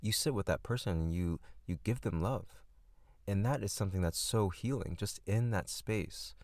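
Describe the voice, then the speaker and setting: A man hosting a podcast, giving a gentle, reflective monologue with soft repetitions and restarts. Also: lowish voice, normal speed, dry recording, clean studio sound. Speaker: podcast host.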